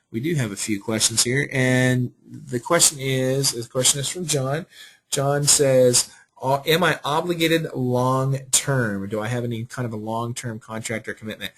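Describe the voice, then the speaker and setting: A man's voice: mid-range voice, fairly bright tone, poor audio. A man hosting a live webinar Q&A, upbeat and salesy, reading out viewer questions and answering them. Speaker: webinar host.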